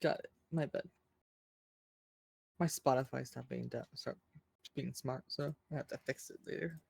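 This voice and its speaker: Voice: medium pitch, fairly even intonation, moderate pace, gravelly. A laid-back gamer on voice chat, giving short, easygoing replies to friends. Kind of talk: casual voice chat while gaming.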